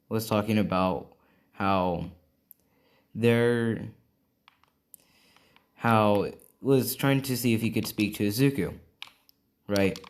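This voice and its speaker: Low-voiced guy making up a fan story as he goes, keeps saying right. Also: slight background noise. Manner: rambling, full of fillers and "right?". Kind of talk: improvised fan story narration.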